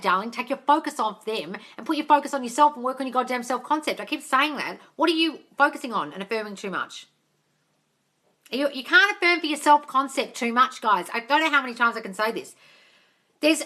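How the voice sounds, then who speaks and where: Woman, manifesting coach, casual live Q&A, blunt, swears, says darling a lot, bright forceful voice, phone mic. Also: fairly high pitch. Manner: blunt, swears freely, calls listeners darling.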